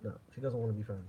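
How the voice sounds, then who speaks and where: A man's voice: fairly low pitch, mellow. A man chatting casually on a live stream, rambling and chuckling with lots of fillers. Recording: dull lo-fi with faint noise.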